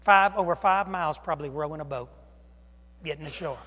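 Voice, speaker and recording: A man preaching a sermon in an animated way, swinging between loud outbursts and soft asides as he acts out the people in his story. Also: a little high, a little fast, big-room sound.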